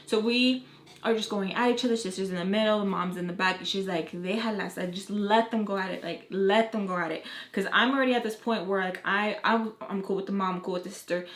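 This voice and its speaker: A young woman vlogger telling a heated story in casual chat, acting out quotes and swearing freely. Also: mid-range voice. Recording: roomy echo, faint background noise.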